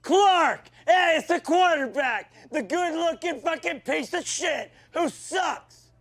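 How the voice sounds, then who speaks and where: An actor playing a foul-mouthed, abusive male football coach who shouts and berates his team in a comedic rant. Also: very high-pitched, lively intonation, takes it slowly, exaggerated voice. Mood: yelling, berating.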